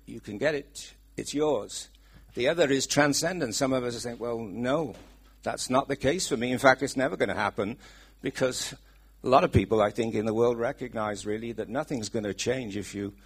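Welsh guy preaching, kinda husky, keeps asking the crowd stuff, middle aged. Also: mid-range voice. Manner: chatty, asks the congregation questions. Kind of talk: sermon.

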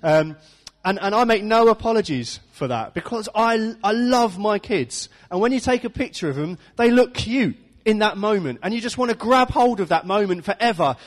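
A man's voice: sits high, expressive, normal speed, hardly any pauses. A man preaching an informal sermon, chatty and self-deprecating, often laughing at his own stories. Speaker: pastor. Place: church hall. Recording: echoey church hall.

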